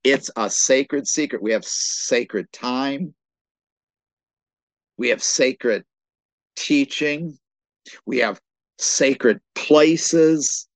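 A man preaching a sermon-style Bible lesson, explaining slowly and emphatically, often stammering and repeating words as he thinks. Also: mid-range voice, no echo. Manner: explanatory, emphatic on key phrases. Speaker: pastor.

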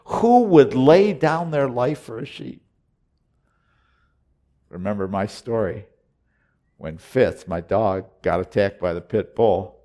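Male preacher, sermon, slow deliberate delivery, earnest, repetitive, quiet musing rising to loud urging. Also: fairly low pitch, lively intonation.

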